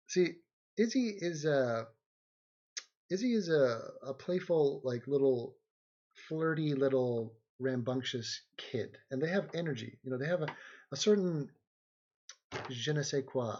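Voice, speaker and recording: A man's voice: mid-range voice, animated, a little slow, pauses often, a little mellow, muffled recording. A man hosting a livestream in casual chat, rambling and joking as he reads viewer comments aloud. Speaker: livestream host.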